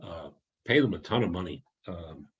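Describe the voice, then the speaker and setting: A man's voice: low voice, expressive, normal speed, fairly bright tone, breathy edge, muffled recording. A man giving an online talk as an author, telling anecdotes in a chatty way, often restarting and chuckling at his own stories.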